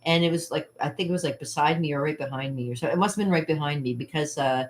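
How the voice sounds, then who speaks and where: Woman, vlog host, casual chat, rambling, laughs a lot, slightly low voice. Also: fast. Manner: rambling and chatty, laughs often, acts out quotes. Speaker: channel host.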